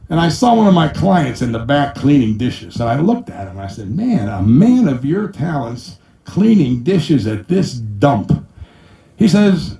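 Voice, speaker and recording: A middle-aged man tells a string of accountant jokes to a small live crowd, his pitch sitting a touch high and swooping far up and down as he mimics his clients. He is heard from a little way off in an echoey room. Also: sing-song, a little slow, vocal fry, dark tone. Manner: punchy, sells punchlines with 'ba-boom', acts out clients in high voices. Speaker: comedian and musician telling accountant jokes. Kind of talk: stand-up joke telling. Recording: echoey room, mic at a distance.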